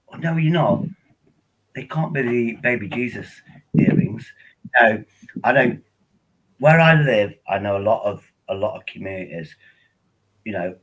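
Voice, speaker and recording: Husky older man rambling on stream. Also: medium pitch, fairly bright tone, low-quality recording. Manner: rambling, chatty, friendly. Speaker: live-streamer. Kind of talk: casual live-stream chat. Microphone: laptop.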